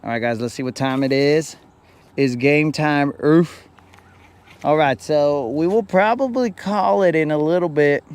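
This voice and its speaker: A man's voice: on the high side, measured pace, clean tone. A middle-aged man hosting a fishing livestream from a boat on a lake, chatting and joking with viewers in a rambling way. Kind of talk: casual live-stream chat.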